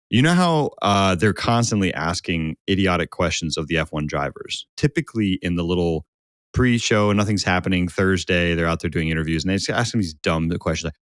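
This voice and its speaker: Male podcast host from the US, low voice, playful and chatty, dry close mic. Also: no echo. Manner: joking, loose and chatty with frequent likes and asides. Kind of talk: casual podcast chat.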